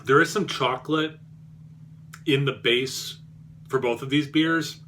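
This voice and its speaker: A man's voice: mid-range voice, fairly even intonation, unhurried, sharp tone, a little hiss or hum. A man reviewing beer on his vlog, rambling and self-deprecating, with many fillers and restarts.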